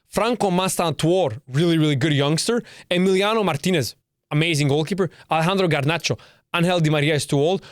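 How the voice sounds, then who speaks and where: A man's voice: on the high side, no room sound, studio quality. A young man hosting his own podcast, ranting in an emphatic, brash way, repeating himself and swearing. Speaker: podcast host. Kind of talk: casual solo podcast rant.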